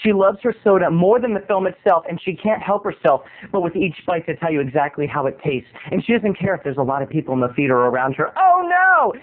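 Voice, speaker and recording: A man video blogger telling a comic story in an animated, exaggerated, theatrical way. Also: fairly high pitch, fast talker, few pauses. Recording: tinny phone-like lo-fi sound.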